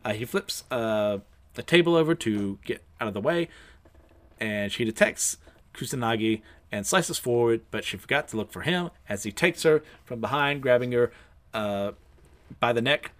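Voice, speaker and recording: A man casually recapping an episode in a relaxed storytelling way, with frequent fillers. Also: medium pitch, normal speed. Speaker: show recapper.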